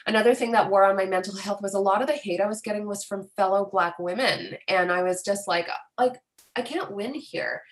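A young woman from Canada, an influencer speaking candidly and earnestly in an interview, animated, with plenty of fillers. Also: medium pitch, fast, hardly any pauses. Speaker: guest, influencer.

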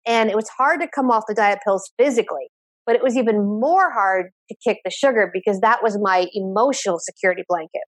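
A woman addiction therapist, guest on an interview podcast, telling her own story in an animated way and repeating phrases for emphasis. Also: mid-range voice, a little fast, no room sound. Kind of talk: conversational interview.

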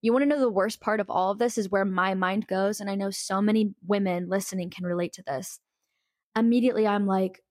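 A woman's voice: mid-range voice, fairly even intonation, fairly quick, darkish tone, no room sound, studio quality. A young woman telling a personal story in a casual, candid and emphatic way, full of "like" fillers.

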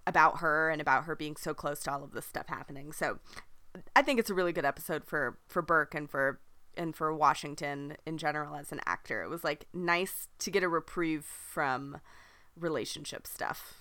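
A woman co-hosts a podcast in a casual, giggly manner. Her voice is somewhat low but bright and smooth. It is recorded dry and close. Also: normal speed, dry recording. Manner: giggly, casual, says dude. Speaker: podcast co-host. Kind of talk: casual chat.

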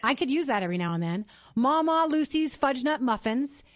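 A woman's voice: high-pitched, very animated, a little fast, dry recording, highs cut off. Enthusiastic radio host woman, dry studio sound. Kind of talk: radio interview.

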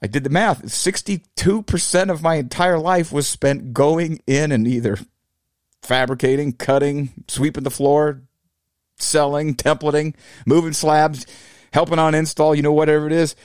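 A man's voice: fairly high pitch, fairly even intonation, moderate pace, darkish tone, clear, resonant tone, no room sound, clean studio sound. Reflective man in his forties hosting. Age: 40s. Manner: reflective, addresses listeners as fellow fabricators. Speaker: podcast host. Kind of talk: casual solo podcast monologue.

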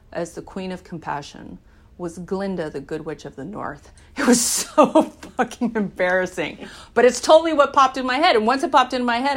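Candid, animated woman with a low voice. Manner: candid and animated, swearing freely. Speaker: recovery speaker. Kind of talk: personal recovery talk.

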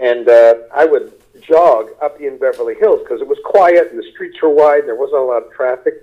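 An older man from Kentucky, a stand-up comedian being interviewed, telling unhurried anecdotes and mimicking people in quotes. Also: medium pitch, a little mellow, muffled recording. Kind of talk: relaxed storytelling interview.

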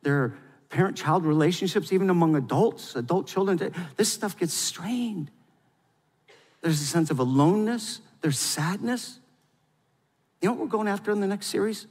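A man preaching a sermon as pastor, swinging between loud, fervent exhortation and quiet, intimate confession. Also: high voice, lively intonation, fast talker, big-room sound.

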